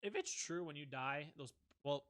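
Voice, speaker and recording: Dry, higher-pitched man, animated storyteller. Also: moderate pace, dry recording. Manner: animated, profane storytelling with acted-out quotes. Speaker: podcast co-host. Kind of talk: casual comedic chat.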